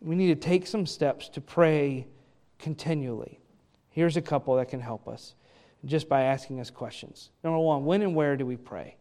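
A middle-aged man delivers a sermon in an earnest, conversational way, asking his listeners question after question. His voice sits a little high for a man. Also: normal speed, dark tone. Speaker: pastor.

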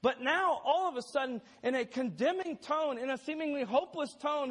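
A man's voice: very high voice, normal speed, hardly any pauses, fairly bright tone. A man preaching a sermon in an emphatic way, laying out numbered points and quoting scripture aloud.

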